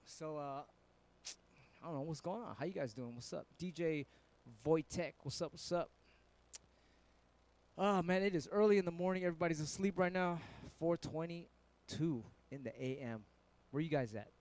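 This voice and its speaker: Slightly high and a little mellow, this San Francisco man's voice moves at normal speed with frequent pauses. Middle-aged and hosting a live stream, he chats easily with viewers, rambling through profane stories.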